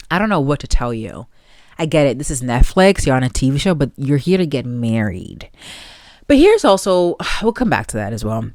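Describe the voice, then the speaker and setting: A podcast host giving opinionated, animated solo commentary and talking straight to the listeners. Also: medium pitch, no echo, clean studio sound.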